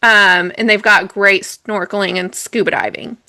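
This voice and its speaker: A woman's voice: mid-range voice, fairly even intonation, normal speed, sharp tone, no room sound. A woman co-hosting a podcast, telling a story in a chatty way, laughing often and correcting herself. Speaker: podcast co-host. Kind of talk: casual storytelling chat.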